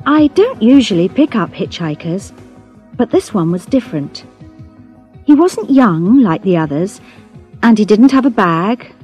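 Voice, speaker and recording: A woman narrating a graded reader story with clear, careful storytelling. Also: mid-range voice, mellow. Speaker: audiobook narrator.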